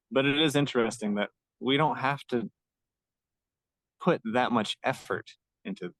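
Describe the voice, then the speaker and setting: A man with a fairly low voice talks earnestly, explaining each thought gently and at length. He sounds like a podcast co-host in easy conversation. The recording is dry and close. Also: no echo, poor audio. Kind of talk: reflective casual conversation.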